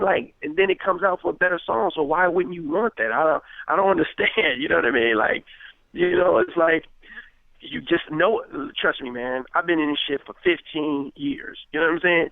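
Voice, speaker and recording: Tinny-sounding rapper talking loosely. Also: male voice, fairly high pitch, normal speed, vocal fry, no echo. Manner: animated, acts out quoted dialogue, many fillers. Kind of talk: casual interview talk. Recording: tinny phone-like radio sound.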